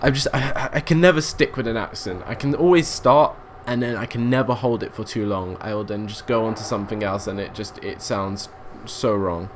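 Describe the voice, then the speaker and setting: A young man gives casual commentary over a train simulator game, talking at a slightly low pitch. He rambles, thinks aloud and often stops to restart his sentences. Faint background noise sits under his voice. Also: a little fast, hardly any pauses. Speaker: let's play gamer.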